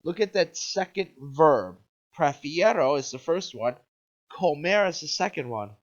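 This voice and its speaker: Man, upbeat teacher voice, fairly high, dull lo-fi sound, video lesson. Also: animated, a little slow. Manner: upbeat, says "okay?" often, quizzes the viewer. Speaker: Spanish teacher. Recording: dull lo-fi recording.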